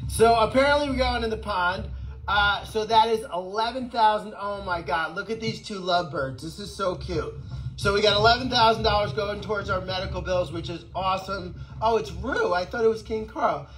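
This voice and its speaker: A man running an animal sanctuary, chatting excitedly and rambling with lots of laughter in a casual fundraising video outdoors. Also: high-pitched, normal speed, a little hiss or hum, poor audio. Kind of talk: casual fundraising vlog chat.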